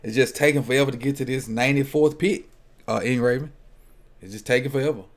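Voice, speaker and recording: A man's voice: mid-range voice, fast talker. A man talking casually at a football draft watch party. He jokes and thinks aloud, often restarting his sentences. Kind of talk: casual chat.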